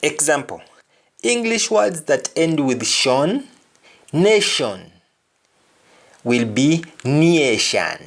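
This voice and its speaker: Very slow, deliberate male pronunciation teacher. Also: a little high, sing-song. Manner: deliberate, says each word twice to contrast sounds. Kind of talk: pronunciation lesson.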